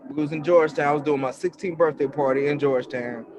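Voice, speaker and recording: A man's voice: a little high, quick pace, background noise. A middle-aged man co-hosting a podcast, telling family stories in casual chat and acting out quotes with lots of laughter. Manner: animated storytelling, acts out quotes loudly, laughs often. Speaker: podcast co-host.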